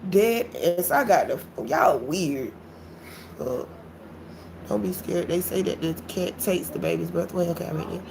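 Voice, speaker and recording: A woman telling a story on her live stream, animated and blunt, swearing freely and talking straight to her viewers. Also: fairly low pitch, normal speed, vocal fry, slight background noise. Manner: animated, blunt and profane, addresses viewers as y'all. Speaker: livestreamer.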